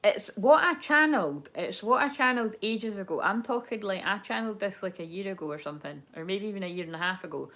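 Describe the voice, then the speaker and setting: A woman's voice: medium pitch, expressive, fast, few pauses, a bit bright. Candid, rambling woman reading tarot. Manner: rambling, candid, swears and laughs often. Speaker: tarot card reader. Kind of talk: casual spoken tarot reading.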